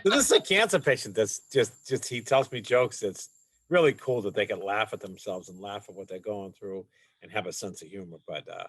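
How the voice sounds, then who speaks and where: A man's voice: lowish voice, lively intonation, a little fast, a bit bright, a little hiss or hum. A man, a comedian guest, chatting casually and joking through an interview.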